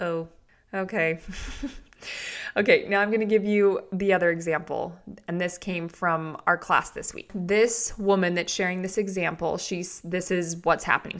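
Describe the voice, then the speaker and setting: A woman in her thirties hosting a solo podcast as a marriage coach, chatty and animated, acting out quoted thoughts in lively voices. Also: lowish voice.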